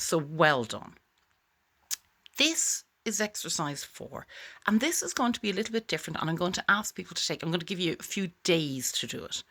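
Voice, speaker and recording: A woman's voice: medium pitch, fairly bright tone. A woman teaching a voice exercise straight to camera in an encouraging, chatty way. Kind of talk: direct-to-camera tutorial.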